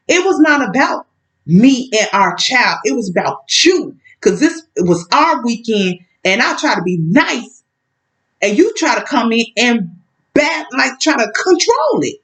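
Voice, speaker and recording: A woman's voice: a little high, sing-song, measured pace, fairly bright tone, poor audio. A woman telling a personal story in a casual vlog, outspoken and emphatic, talking straight at an absent ex-partner.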